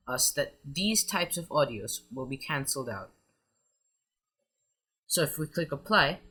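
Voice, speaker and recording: A man hosting a screen-recorded software tutorial, explaining step by step and leaning on "so" between steps. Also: fairly high pitch. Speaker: tutorial host.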